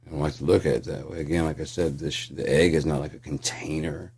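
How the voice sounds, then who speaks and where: A man's voice: a bass voice, steady tone, quick pace, a little mellow, breathy edge. A man ranting in a casual, profane, sarcastic monologue as a channel host.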